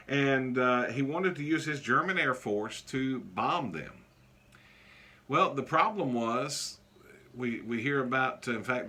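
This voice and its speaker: Male teacher lecturing to class, jokey, lots of ums, bright voice. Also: mid-range voice. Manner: casual and joking, with many fillers.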